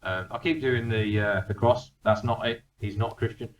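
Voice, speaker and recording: A man's voice: fairly low pitch, normal speed, muffled recording, a little hiss or hum. A man narrating as dungeon master, rambling with many fillers and restarts. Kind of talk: narrating a tabletop game. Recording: echoey room, distant mic.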